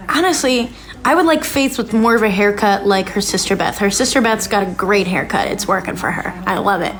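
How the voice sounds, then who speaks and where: On her podcast, a woman with a high-sitting voice and a brisk pace chats casually through a reality-show recap. She reacts aloud as she watches and fills her speech with filler words, with plenty of "like"s.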